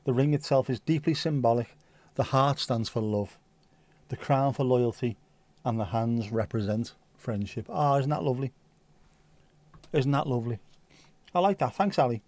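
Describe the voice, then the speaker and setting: A man's voice: medium pitch, moderate pace, long pauses, darkish tone, no room sound. A man, hosting a livestream and chatting casually with viewers, telling comic stories and swearing freely. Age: 50s. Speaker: livestream host. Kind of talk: casual chat reading viewer comments.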